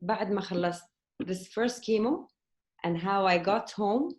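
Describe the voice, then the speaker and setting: A woman guest on a podcast telling a personal story in lively conversation and acting out the dialogue as she goes. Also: medium pitch, moderate pace. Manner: animated, acts out quoted dialogue.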